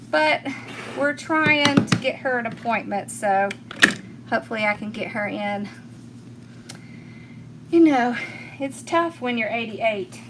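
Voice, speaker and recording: A woman's voice: sits high, pushed and bright, a little hiss or hum. A middle-aged woman with a Southern accent from rural Georgia, chatting with viewers as she demonstrates a craft, laughing often and thanking people by name. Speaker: craft tutorial host.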